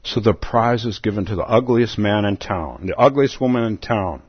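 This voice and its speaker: Husky low-voiced man giving a dharma talk. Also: normal speed, dry recording. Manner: relaxed, chuckling, repeats words as he goes. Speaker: Zen teacher. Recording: dull lo-fi dry recording.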